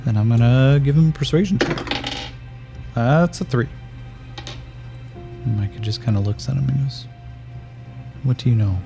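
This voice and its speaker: Gravelly game master calling dice rolls. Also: male voice, medium pitch, animated, over music. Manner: measured, calls out dice rolls. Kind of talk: narrating a solo tabletop game.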